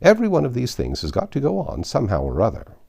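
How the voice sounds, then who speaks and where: A man voicing a fussy, quarrelsome boy twin in a storybook reading, shrill and contemptuous when enraged. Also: wildly swooping pitch, fast talker, creaky, dark tone, no echo, clean studio sound, exaggerated voice.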